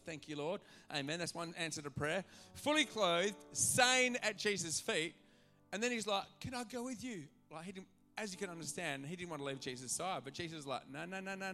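A male pastor preaching a sermon to a church congregation, animated and acting out the voices in his stories. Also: a little high. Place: church auditorium.

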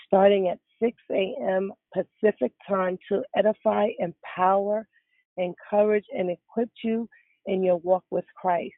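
A woman in her fifties hosting a morning prayer call, greeting each caller warmly by name. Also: mid-range voice, gravelly, no echo. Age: 50s. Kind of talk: welcoming callers on a prayer line. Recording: tinny phone line.

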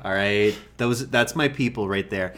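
A man's voice: on the low side, moderate pace, a bit bright. A man co-hosting a podcast, chatting and riffing in a jokey manner and slipping into comic voices. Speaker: podcast co-host. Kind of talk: casual chat.

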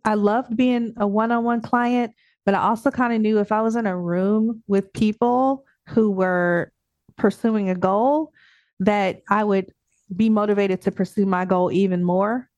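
A woman coaching client and coach speaking in a casual podcast interview, animated and laughing often as she acts out her own thoughts. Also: medium pitch, measured pace, dry recording, lo-fi sound.

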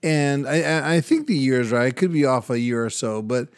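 A man's voice: medium pitch, expressive, a little fast, dry recording, studio quality. An older Latino man, a radio and podcast host, telling a personal story in casual chat, laughing often and acting out other people's voices. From Latin American heritage, United States.

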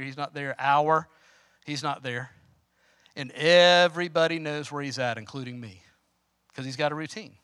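A middle-aged man, preaching a personal story that moves between quiet telling and loud, impassioned preaching. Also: on the high side, no echo, clean studio sound. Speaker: pastor. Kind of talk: sermon storytelling.

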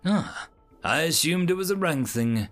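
A man voicing a calm, curious human male interrogator who speaks in a measured, polite way. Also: a little high, faint music behind.

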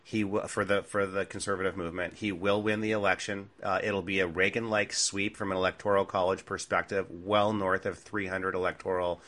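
Male co-host, lowish pitch, tense bright tone, blunt and emphatic in political chat. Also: little pitch movement, brisk, hardly any pauses. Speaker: podcast co-host.

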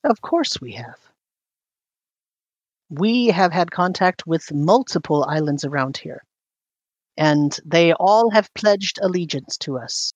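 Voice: medium pitch, expressive, slow, pauses often, dry recording. A game master voicing a haughty woman ruler who gives curt, guarded answers and turns questions back on the asker. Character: haughty evasive woman ruler of an island city. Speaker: queen.

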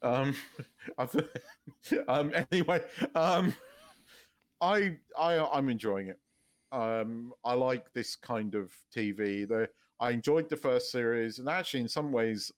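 A man's voice: mid-range voice, expressive, unhurried. A man co-hosting a podcast in casual chat, rambling and swearing freely, stumbling over restarts and laughing often. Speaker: podcast co-host.

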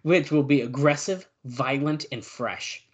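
A male podcast co-host in casual chat, reading out old news notes and adding quick asides. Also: mid-range voice, muffled recording.

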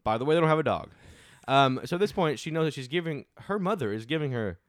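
A man recapping a film's plot in casual chat, with quick laughing asides. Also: on the high side, animated, dry recording, studio quality. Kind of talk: casual film discussion.

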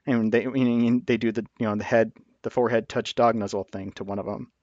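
A man's voice: mid-range voice, fairly even intonation, a little fast, darkish tone, no echo. A man co-hosting a casual film review chat, animatedly retelling scenes. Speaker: podcast co-host. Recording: dull, dry lo-fi audio.

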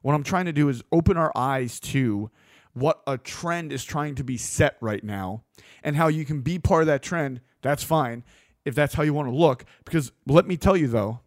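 Blunt, animated man on a rant. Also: fairly high pitch, normal speed, no echo, studio quality. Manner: blunt, swears freely, animated. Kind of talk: opinionated monologue.

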